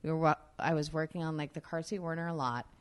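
Low-pitched woman guest, frank storyteller, swears freely, many fillers. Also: fairly even intonation, fast. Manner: profane, filler-heavy, candid. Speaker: actress, interview guest. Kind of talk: casual storytelling in an interview.

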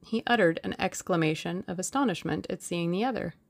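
A woman narrating an audiobook in a measured, steady storytelling way. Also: on the low side, creaky.

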